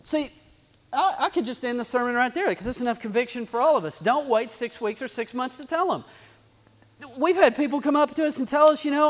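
A man's voice: very high-pitched, lively intonation, normal speed. A male pastor preaching a sermon, talking animatedly, repeating phrases and building to emphatic bursts. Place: church sanctuary. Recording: long hall reverb.

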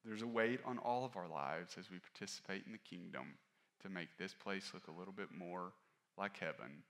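A male pastor preaching a sermon in a candid, conversational way, rising to stress points and dropping low and quiet for personal asides. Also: normal speed, creaky. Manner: candid, conversational preaching that rises and falls in force.

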